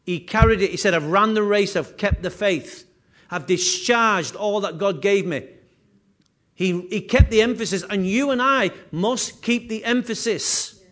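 A man's voice: sits high, measured pace, fairly bright tone. A man preaching a sermon as pastor, earnest, circling back on his words and restarting phrases.

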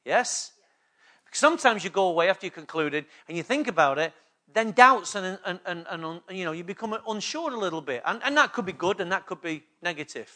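A man's voice: high-pitched, lively intonation, brisk, bright, forceful tone. A man preaching a sermon as pastor of his church, emphatic and repetitive, often checking in with the congregation. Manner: emphatic preaching with repeated call-and-response questions.

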